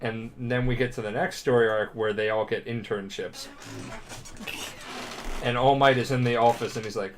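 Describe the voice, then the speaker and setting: A man's voice: mid-range voice, brisk, a little hiss or hum. A drunk man co-hosts a podcast and recaps a story at length. His voice sits in a middle range. He rambles, swears freely and keeps restarting his sentences. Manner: rambling, profane, animated. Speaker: podcast co-host. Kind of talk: casual podcast retelling.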